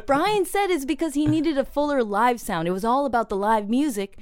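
Chatty woman with a smooth voice. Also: high-pitched, brisk, darkish tone, no room sound. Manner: chatty storyteller, giggly, many fillers. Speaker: podcast co-host. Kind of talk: casual chat.

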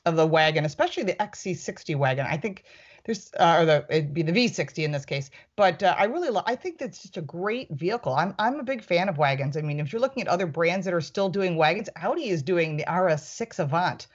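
A woman who reviews cars, chatting on a panel and telling a story with lively quoted lines. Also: fairly low pitch, quick pace, breathy edge, lo-fi sound. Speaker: car reviewer with a YouTube channel. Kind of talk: casual panel chat.

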